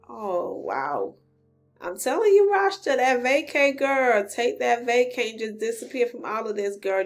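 A woman giving casual commentary on a webtoon chapter, talking straight to her viewers in a sassy, animated way. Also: medium pitch, normal speed. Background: faint guitar music.

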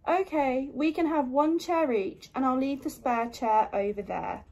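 A woman voicing an eager hare from a picture book, in a lively, emphatic read-aloud voice. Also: high-pitched, measured pace. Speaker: storytime reader.

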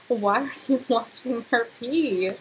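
A young woman giving casual, excitable let's-play commentary, full of gasps and laughter. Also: on the high side, slight background noise, rough recording. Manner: excitable, laughing, exclamatory reactions. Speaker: gameplay commentator.

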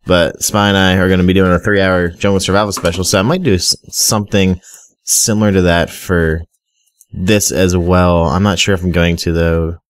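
A man's voice: low voice, fairly even intonation, moderate pace, clean tone, dry recording. A young man giving casual, rambling Minecraft commentary, often stuttering and talking straight to his viewers. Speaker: gaming video creator.

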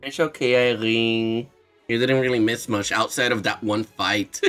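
A man's voice: mid-range voice, fairly even intonation, slow, sharp tone. A young man riffing sarcastically through a game readthrough, joking with his chat and swearing now and then. His voice sits mid-range, with faint music underneath. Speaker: streamer. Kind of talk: casual gaming commentary.

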